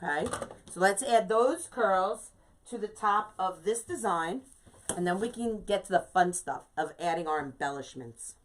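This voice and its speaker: A woman's voice: mid-range voice, lively intonation, moderate pace, a bit bright. A woman in her fifties talks her way through a live craft demonstration. Her delivery is chatty and emphatic, leaning hard on key words. She breaks off now and then to greet viewers by name. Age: 50s. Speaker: craft instructor and shop owner. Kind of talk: live-streamed craft tutorial.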